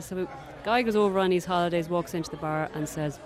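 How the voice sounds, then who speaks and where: A woman's voice: fairly low pitch, fast, some chatter behind. A woman from Ireland with an Irish accent, telling a joke and acting out the people in it. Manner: animated, acts out the characters loudly. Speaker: joke teller.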